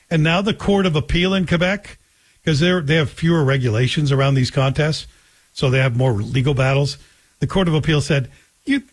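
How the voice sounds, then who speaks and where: Wry, husky middle-aged radio host. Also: male voice, on the high side. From Scotland. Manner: wry, joking, conversational storytelling. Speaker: radio talk show host. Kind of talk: casual radio monologue.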